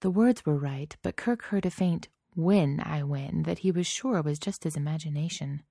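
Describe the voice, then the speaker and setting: A woman's voice: deep voice, animated, moderate pace, warm tone, no room sound, studio quality. A woman reading a story aloud in a wry, conversational narrating voice. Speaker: reader. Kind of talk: reading fan fiction aloud.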